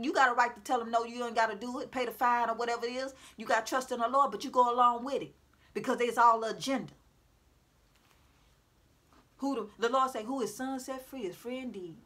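High bright-voiced woman preaching to viewers. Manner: preachy, repetitive, calls out to her audience. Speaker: self-styled prophetic speaker. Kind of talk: informal religious exhortation to viewers. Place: at home.

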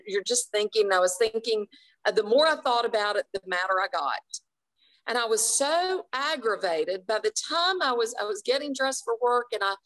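A woman guest author telling a personal faith story in an interview, earnest and quick to laugh. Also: a little high, fairly bright tone, low-quality recording.

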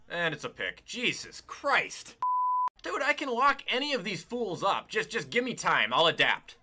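A young man giving profane, excitable commentary while playing a football video game, swinging from mutters to shouts. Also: fairly high pitch, moderate pace. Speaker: gaming YouTuber. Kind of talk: profane live gameplay commentary.

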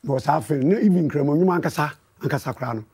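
Husky, mellow Ghanaian man. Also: fairly high pitch, fast talker. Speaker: musician guest. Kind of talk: casual interview chat.

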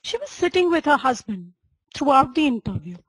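A woman's voice: high voice, big pitch swings, fairly quick, low-quality recording. A woman teaching a homeopathy lecture, telling a patient case as a story and acting out the dialogue.

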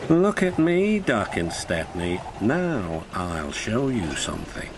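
A man's voice: on the low side, big pitch swings, slow pace, noisy background, voice pushed down, exaggerated voice. A man voicing a sneering, boastful diesel engine. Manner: scornful, smug.

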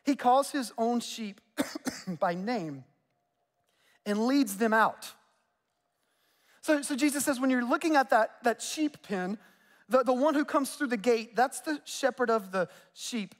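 A man in his forties with a Southern US accent, preaching a conversational sermon with quick joking asides. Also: extremely high pitch, animated. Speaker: pastor. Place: church sanctuary. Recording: long reverb of a church hall.

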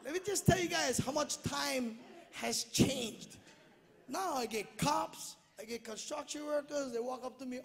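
A man doing stand-up comedy on a theater stage, loud and animated, mimicking family members. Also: very high voice, measured pace, gravelly. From Hawaii. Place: theater stage before a live audience. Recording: echoey theater with a laughing crowd. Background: audience laughter.

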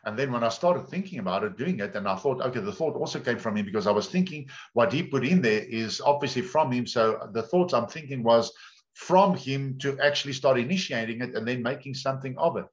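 A man's voice: mid-range voice, lively intonation, a little fast. A male pastor preaching a sermon, telling stories in a chatty way and often repeating words. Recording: dull lo-fi sound.

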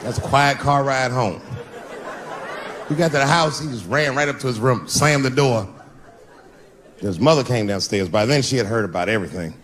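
A man doing stand-up, telling family stories and acting out high, shouting voices for his son and wife, recorded live on a comedy stage. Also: lively intonation, normal speed, pauses often, some chatter behind. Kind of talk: stand-up storytelling. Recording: live club set with audience noise.

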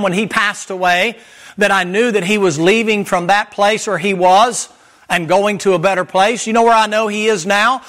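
A middle-aged man preaches from the pulpit in a notably high voice. He builds to loud, soaring emphasis, then drops low and quiet to drive a point home. It is an impassioned, rhythmic sermon delivery. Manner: impassioned preaching, rising and falling in pitch and volume. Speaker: pastor.

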